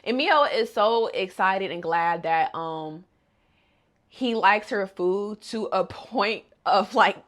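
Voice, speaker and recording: A woman casually recapping a cartoon episode, animated and slangy, who reacts loudly to the story. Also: medium pitch, slow pace. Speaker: video host.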